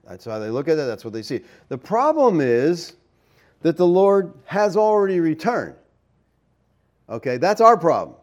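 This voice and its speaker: A man's voice: a little high, big pitch swings, normal speed, darkish tone. A man preaching a verse-by-verse Bible teaching, explaining Greek words and often checking in with the listeners.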